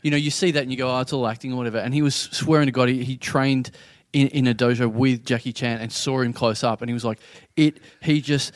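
Australian man, podcast host, dry close mic, mid pitch. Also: fairly even intonation, no room sound. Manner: jokey, quick anecdotes. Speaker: podcast host, comedy club runner. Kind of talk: casual chat.

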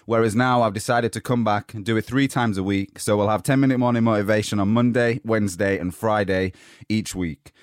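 A man hosting a motivational podcast, giving an upbeat, energetic pep talk while slightly out of breath. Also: fairly low pitch, a little fast, clear, resonant tone, dry recording, clean studio sound. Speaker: podcast host.

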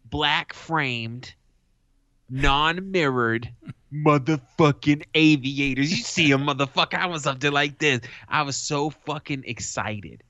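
A man co-hosting a podcast, telling a story in a casual, animated way and swearing freely. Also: fairly high pitch, takes it slowly, no echo. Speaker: podcast co-host. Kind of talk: casual chat. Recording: dull lo-fi sound.

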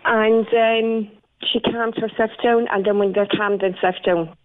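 A woman's voice: medium pitch, steady tone, unhurried. An Irish woman florist chatting on a radio phone-in, telling her story with plenty of fillers. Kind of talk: casual radio phone interview. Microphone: telephone. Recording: tinny phone line.

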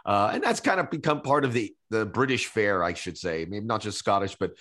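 A man's voice: on the low side, lively intonation, a little fast, fairly bright tone. A man hosting a podcast, asking questions in an easygoing, jokey way. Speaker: podcast host. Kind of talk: casual conversation.

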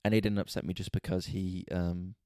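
A man hosting a podcast, telling a story in an exasperated, sweary, animated rant. He is a stand-up comedian talking casually. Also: deep voice, fairly quick, no room sound, studio quality. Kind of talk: casual ranting monologue.

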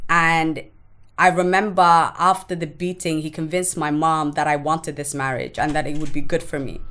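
A woman with a slightly low voice tells her own story as a podcast guest. She speaks frankly and emotionally and swears without holding back. She often halts and restarts mid-sentence. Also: a bit bright. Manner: halting, with restarts. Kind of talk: candid personal storytelling.

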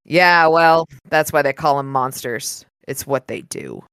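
A woman's voice: rumbling low, unhurried, a bit bright, clear, resonant tone, no echo, clean studio sound, voice pushed down, full character voice. Woman reading a wisecracking wizard. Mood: sardonic. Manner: sarcastic quips. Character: wisecracking male wizard narrator, sardonic.

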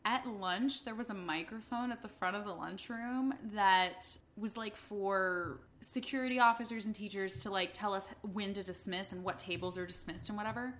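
An American woman co-hosting a casual chat, telling stories in an animated way with frequent laughter. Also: medium pitch, moderate pace. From United States. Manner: animated storyteller, laughs often.

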